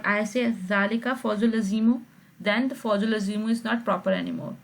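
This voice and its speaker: A woman's voice: fairly high pitch, rough recording. A woman teaching an online grammar class, explaining patiently and often checking with her students. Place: video call.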